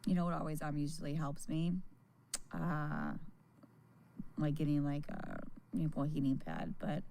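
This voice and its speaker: A woman's voice: low voice, unhurried, gravelly, warm tone, a little hiss or hum. A tired woman chatting casually with her live-stream viewers from home, rambling, laughing and swearing as she goes.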